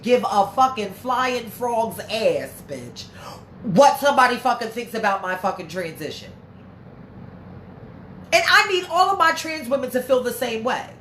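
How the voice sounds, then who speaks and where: A woman's voice: on the high side, fairly bright tone. Blunt, profane woman in an echoey room. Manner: blunt and profane, heated and emphatic. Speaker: livestream host reading viewer comments. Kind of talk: casual livestream talk. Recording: echoey room with faint background noise.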